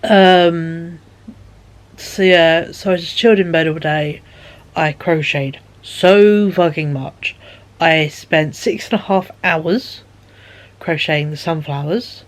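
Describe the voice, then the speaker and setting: A woman's voice: low-pitched, slow pace. A woman chatting casually in a vlog, rambling with many fillers and sounding tired and yawning. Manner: rambling, lots of fillers and repeated "he said". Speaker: vlogger.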